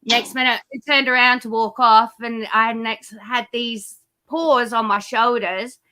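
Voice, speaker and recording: An Australian woman talking slowly and unhurriedly, in a bright, clear voice pitched a little high. She is a laid-back guest on a live stream, laughing as she tells stories. The sound is dry and close, picked up by an earphone microphone. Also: steady tone, no echo. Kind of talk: casual live-stream chat.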